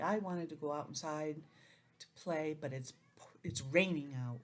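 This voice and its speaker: A woman teaching an online lesson to young children, gentle and expressive, acting out feelings in a sing-song way. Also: low voice, a little slow. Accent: New England.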